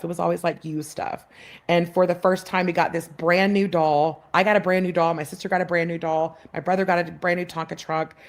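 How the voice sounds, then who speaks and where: A woman in her thirties, a podcast guest, telling a heartfelt personal story with many fillers and restarts. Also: on the low side.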